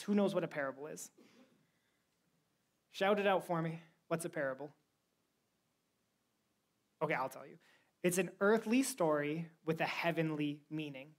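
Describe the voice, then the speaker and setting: Lady preaching, kinda low voice, casual slangy storytelling sermon. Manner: animated, conversational, slangy storytelling.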